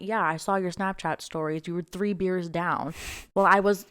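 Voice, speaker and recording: Animated young woman ranting in casual chat. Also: medium pitch, moderate pace, clean tone. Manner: animated, laughs often, exasperated rants. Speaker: podcast co-host.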